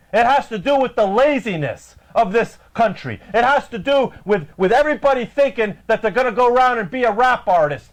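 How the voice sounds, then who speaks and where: A man's voice: sits high, rough recording. A man hosting a live web show, ranting indignantly about politics with frequent stammered fillers. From United States.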